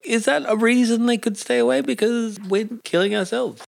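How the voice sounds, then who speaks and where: A man's voice: very high voice, normal speed, creaky. A man co-hosting a science show, joking and punning playfully. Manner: jokey, animated, punning. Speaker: co-host. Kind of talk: playful radio chat.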